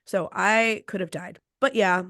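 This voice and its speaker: A woman's voice: medium pitch, a little slow, a bit bright, no room sound, studio quality. A woman podcast host casually telling a story, acting out quotes and laughing between lines.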